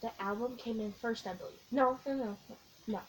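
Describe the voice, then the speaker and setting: A young woman vlogging, telling a long, excitable story in a casual, rambling way with lots of giggles. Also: a little high, a little fast, rough recording. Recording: faint background noise.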